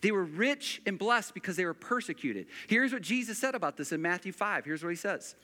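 Male preacher with a piercing bright tone; earnest, repeats himself for emphasis. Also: high voice, animated, long reverb tail. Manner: earnest, emphatic, repeats phrases, slows down on key words. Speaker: pastor. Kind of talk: sermon.

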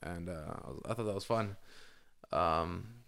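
A young man with a slightly low, groggy morning voice chats loosely on a podcast. He rambles, swears freely and keeps restarting his sentences, with filler words everywhere. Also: normal speed, creaky, fairly bright tone. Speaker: podcast co-host. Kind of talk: casual chat.

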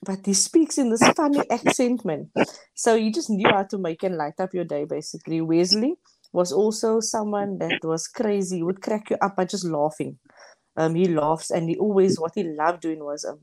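A woman's voice: medium pitch, moderate pace, rough recording. A South African woman, a guest, telling family stories with laughter. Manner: lively, laughing as she recalls family. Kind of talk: casual storytelling.

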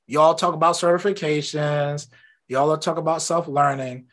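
A man hosting an interview from his home office, talking in a relaxed, rambling way about his own habits. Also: on the high side, normal speed. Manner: relaxed and talkative, rambling anecdotes. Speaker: podcast host. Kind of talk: casual interview chat.

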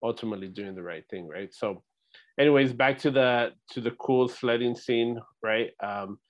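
A man's voice: mid-range voice, normal speed, dry recording. A man co-hosting a casual podcast, thinking aloud about characters in a reflective way and often adding "right?". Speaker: podcast co-host. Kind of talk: casual rewatch chat. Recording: dry, slightly muffled lo-fi audio.

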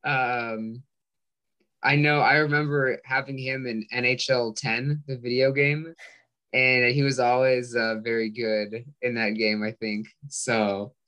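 A man guest explaining stats in a measured, casual way, often restarting his sentences. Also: mid-range voice, flat delivery, pushed and bright.

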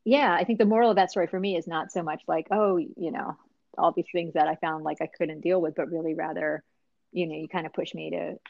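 A woman in casual conversation, telling a story in an animated, chatty way with many fillers. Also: fairly low pitch, brisk, vocal fry, no echo. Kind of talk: casual chat. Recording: dry, slightly dull sound.

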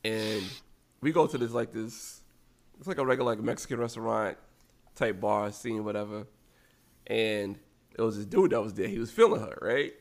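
Gravelly male podcast co-host, casual storyteller who acts out quotes. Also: lowish voice, moderate pace. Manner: animated storyteller acting out quotes.

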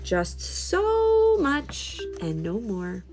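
A calm older fish seller in a storybook, scolding gently and knowingly, as a woman reads him. He draws out every word, with faint music underneath. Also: on the high side, voice pushed up, exaggerated voice. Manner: slow, knowing, mildly scolding.

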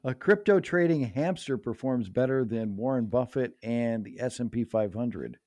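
A man co-hosting a podcast, chatting casually and reading odd news stories in a relaxed, chuckling, agreeable way. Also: medium pitch, moderate pace, dry recording. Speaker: podcast co-host.

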